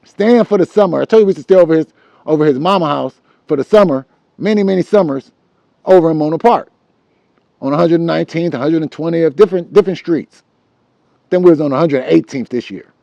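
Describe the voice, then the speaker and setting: A middle-aged man, telling a childhood story in a loose, animated way and humming tunes as he goes. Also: a little high, brisk, vocal fry, dry recording, lo-fi sound. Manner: animated and loose, acts out voices and hums tunes. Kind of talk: casual storytelling.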